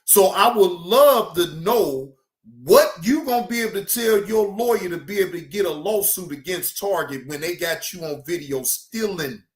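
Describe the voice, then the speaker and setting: A woman hosting a reaction video, giving loud, profane, mocking comedic commentary and laughing often. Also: lowish voice, lively intonation, normal speed, roomy sound.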